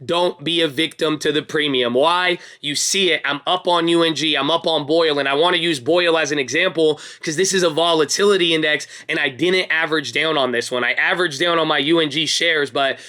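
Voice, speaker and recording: A man's voice: a little high, fairly even intonation, a little fast, hardly any pauses, bright, forceful tone. A young man hosting a casual stock market recap, hyped and talking straight to his viewers like friends. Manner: hyped, pep-talk energy, calls viewers baby and bro. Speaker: stock market video host.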